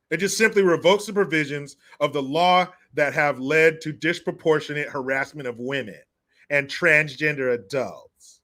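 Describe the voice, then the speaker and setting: A man's voice: on the high side, moderate pace, bright, forceful tone. A man ranting in a crude, sarcastic commentary vlog, often laughing at his own jokes. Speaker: online commentator.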